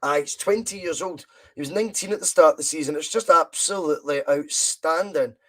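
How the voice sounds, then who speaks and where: A man's voice: a little high, brisk. A man with a Scottish accent hosting a football podcast, talking animatedly and butting in with questions. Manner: animated, interjecting and teasing. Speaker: podcast host. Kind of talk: casual football chat.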